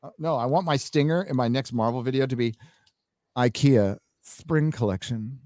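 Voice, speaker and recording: A man's voice: mid-range voice, moderate pace, warm tone, no echo, clean studio sound. A man hosting a live stream, chatting casually and bluntly with lots of swearing while reading out donations. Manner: blunt and profane, reads out donations. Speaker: host.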